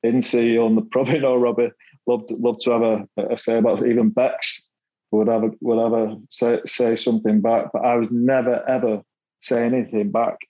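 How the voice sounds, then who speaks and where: A man's voice: medium pitch, flat delivery, moderate pace, mellow, dull audio. A middle-aged man with a Mancunian accent, a podcast guest telling self-deprecating stories from his playing days, laughing often and repeating words as he goes. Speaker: guest, former footballer. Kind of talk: casual storytelling chat.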